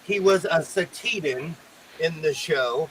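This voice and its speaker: A man's voice: on the high side, a little slow, fairly bright tone, slight background noise, low-quality recording. An American man chatting casually with friends, projecting his voice and laughing often. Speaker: podcast co-host. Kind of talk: casual group chat.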